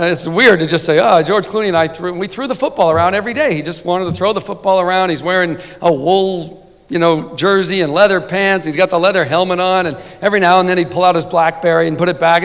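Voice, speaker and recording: A man's voice: high-pitched, fairly bright tone. A man giving a humorous award speech as a sportswriter, telling a rambling comic story full of "right?" asides at a banquet podium. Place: banquet hall. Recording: long banquet-hall reverb.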